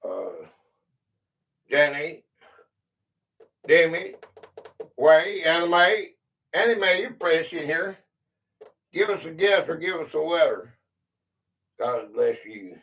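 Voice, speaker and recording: A man runs a live-stream quiz, reading the clues aloud and counting out the letters. He talks at an unhurried pace in a high, bright voice and greets viewers by name as their guesses come in. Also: very animated. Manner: chatty, easily amused. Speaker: quiz game livestream host. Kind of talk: casual live-stream chat.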